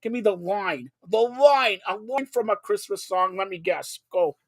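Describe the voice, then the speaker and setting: A male talk show host with a high voice who bursts with energy, tripping over and repeating his words as he jokes with guests. The recording is dry and close, with no room sound. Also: normal speed, no room sound. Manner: excitable, stammering repeats. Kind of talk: casual sports talk show.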